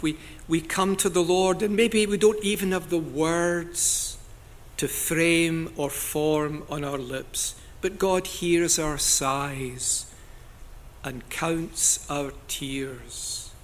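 A man preaching a sermon in an earnest, deliberate way, now and then rising to loud cries as he quotes scripture. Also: a little high.

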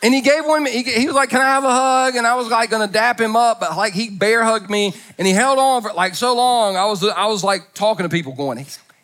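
His voice sitting high, a middle-aged pastor preaches a humorous sermon at church, briskly and with few pauses. Stories and comic impressions carry it, and his volume swings from soft to loud.

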